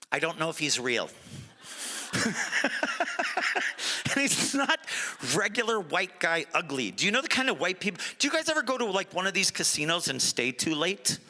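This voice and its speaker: A middle-aged male comedian works a live crowd in an animated, high-pitched voice that swoops around. His tone is bright and sharp. The sound carries a long echo from a large venue. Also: normal speed, long pauses. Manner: animated, jumps into character voices. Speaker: stand-up comedian. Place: comedy stage before an audience.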